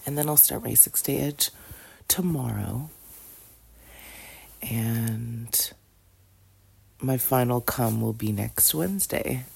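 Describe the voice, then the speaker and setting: Woman, very low and husky voice, drowsy morning tone, intimate casual diary from bed, often half-whispered. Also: slow, pauses often, a little mellow. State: groggy morning voice. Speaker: audio diarist. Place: in bed at home.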